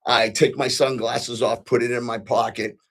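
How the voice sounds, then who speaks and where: Middle-aged male host with a mid-pitched voice, rambling earnestly through a personal story. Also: level tone, moderate pace, a bit bright, breathy edge. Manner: earnest, repeats himself, frequent ums and restarts. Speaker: podcast host. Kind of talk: casual storytelling monologue.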